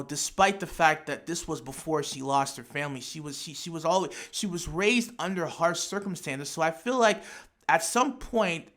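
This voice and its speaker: In a slightly high, sharp-toned voice, a man muses on an anime fan theory as casual spoken analysis. His imaginative, speculative storytelling is full of thinking aloud, restarts, and repeated words.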